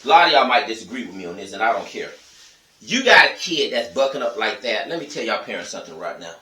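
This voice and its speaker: A man's voice: on the low side, big pitch swings, fast, sharp tone, reverberant, recorded from a distance, rough recording. A man telling stories and ranting to his viewers in a blunt, profane, emphatic way. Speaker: vlogger. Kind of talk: casual storytelling monologue.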